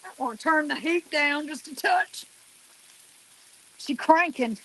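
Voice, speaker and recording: Woman vlogger cooking outside on her deck, bit high-pitched, chatty, lots of exclaiming to the camera. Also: expressive, takes it slowly, fairly bright tone. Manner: chatty, exclamatory, talks straight to viewers. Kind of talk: casual chat while cooking. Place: outdoor deck.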